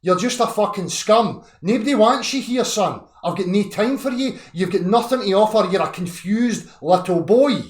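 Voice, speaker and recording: Ranting high-voiced Scottish man. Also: expressive, moderate pace, few pauses, reverberant. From Scotland. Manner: aggressive, profane, ranting insults. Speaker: host of an online video hangout. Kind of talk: heated online argument.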